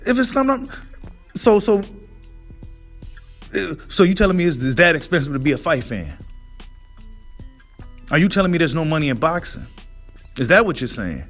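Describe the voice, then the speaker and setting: Guy ranting on his boxing show, swears a lot, keeps going "right?", soft music behind. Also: on the high side, very animated, fairly quick, long pauses. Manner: heated, profane, keeps asking "right?". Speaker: boxing commentary host. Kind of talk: casual rant monologue.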